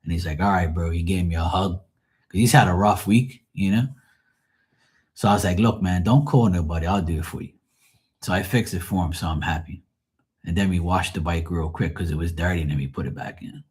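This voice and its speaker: A man with a very low, husky voice talks casually on his livestream. He rambles through everyday stories, swearing freely and livening up when he quotes other people. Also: fairly quick. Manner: profane, rambling, animated when quoting others. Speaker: livestream host. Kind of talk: casual storytelling chat.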